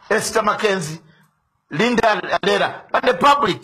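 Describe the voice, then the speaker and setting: Man, online show host, political commentary, impassioned, rhetorical, high-pitched voice. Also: lively intonation, normal speed, pushed and bright. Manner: impassioned, rhetorical, repeats questions.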